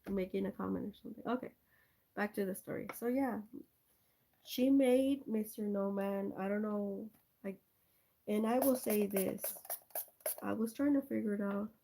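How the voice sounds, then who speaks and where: A woman's voice: mid-range voice, fairly even intonation, moderate pace, vocal fry, warm tone, a little hiss or hum. A woman hosting a live stream from her cell phone, telling a rambling story in a chatty way and talking to her viewers by name. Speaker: livestream host.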